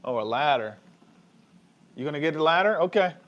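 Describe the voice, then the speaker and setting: Chatty dad cooking at home. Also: male voice, a little high, a little fast, dull audio, slight background noise. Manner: relaxed, chatty, talks to viewers while cooking. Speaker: family vlogger cooking. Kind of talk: casual cooking vlog chat. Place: home kitchen.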